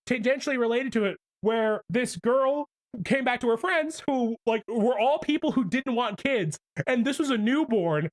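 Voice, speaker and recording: A man's voice: very high voice, moderate pace. Young male streamer, casual livestream rant, heavy swearing. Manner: profane, ranting.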